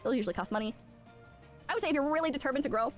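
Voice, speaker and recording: A woman streamer giving casual advice, brisk and chatty, who often ends points with "right?". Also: sits high, soft background music. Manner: brisk, advisory, keeps tagging "right?". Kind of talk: casual chat.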